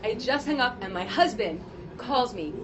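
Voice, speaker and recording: A voice actress telling stories in an animated, laughing way during a casual convention interview. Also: female voice, a little high, normal speed, highs cut off. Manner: animated, laughing often, acts out quotes. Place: convention media panel. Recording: noisy convention floor.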